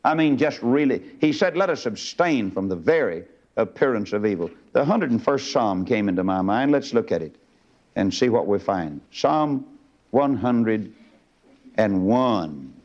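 A man preaching an old-time sermon, dropping to low murmurs and leaping to high shouting bursts. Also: animated, measured pace, muffled recording.

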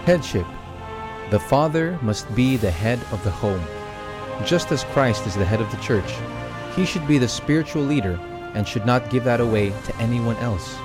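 A man's voice: mid-range voice, expressive, normal speed. A man reading formal radio announcements around a sermon broadcast. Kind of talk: scripted announcement. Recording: radio program with music bed.

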